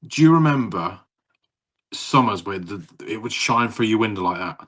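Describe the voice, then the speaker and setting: A man in his thirties with a husky, slightly breathy voice, co-hosting a casual podcast chat. He rambles from story to story, laughs easily and swears freely. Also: fairly low pitch, lively intonation, moderate pace. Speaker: podcast co-host.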